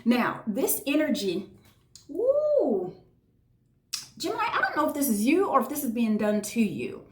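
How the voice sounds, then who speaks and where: A woman gives a tarot reading in an effusive, heartfelt monologue, often tagging her points with a quick "right?". Her voice sits a little on the high side. The sound has a roomy echo. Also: big pitch swings. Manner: effusive, emotive, frequent "right?" asides. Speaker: tarot reader. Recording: echoey room.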